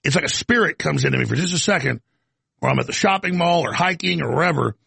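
Male show host with a husky, somewhat high voice, talking off the cuff in long, rambling stretches with stuttered restarts. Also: animated, quick pace, bright, forceful tone, no room sound. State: coughing, throat irritated. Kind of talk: off-the-cuff commentary monologue.

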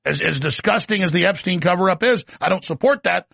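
A man's voice: high voice, brisk, creaky, a bit bright, breathy edge, no room sound. A man hosting a political talk show, delivering an emphatic, ranting monologue with sardonic asides.

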